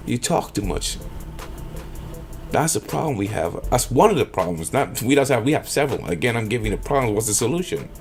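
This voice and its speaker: Middle-aged man, rambling vlog commentary, mid-pitched voice, soft music underneath. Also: fairly quick. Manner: animated, rambling, acts out quoted voices. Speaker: vlogger. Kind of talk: opinion commentary.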